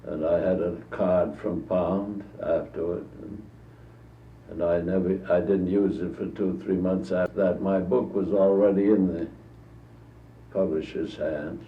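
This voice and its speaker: An elderly American man with a very low voice recalls old stories at length, trailing off and restarting his sentences. He is heard off-mic on a dull old tape in an echoey room with faint hiss. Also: fairly even intonation, distant mic. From United States. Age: 80s. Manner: rambling anecdotal storytelling with halting restarts. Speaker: interviewee. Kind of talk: recorded archival interview.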